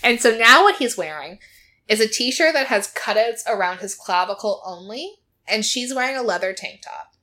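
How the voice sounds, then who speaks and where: Bright-voiced woman recapping chattily. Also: a little high, animated, moderate pace, a little hiss or hum. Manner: chatty storytelling, acting out quotes, frequent "like". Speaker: podcast co-host recapping a reality show. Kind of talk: casual chat.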